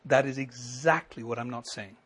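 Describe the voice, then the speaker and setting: Husky-voiced man preaching with swelling emphasis. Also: mid-range voice, normal speed. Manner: preaching with rising emphasis and sudden soft drops. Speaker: pastor. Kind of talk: sermon.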